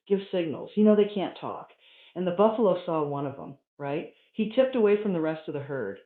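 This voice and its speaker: A man doing a stand-up routine, telling stories in a profane, animated way. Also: sits high. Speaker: stand-up comedian. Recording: tinny, roomy live recording.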